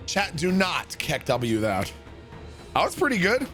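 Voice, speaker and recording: A man's voice: sits high, huge pitch swings, measured pace, a bit bright, faint music behind. A man streaming a golf video game, trading profane, teasing banter with a friend and reading out viewer messages. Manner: reads viewer messages aloud. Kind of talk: casual gaming livestream chat.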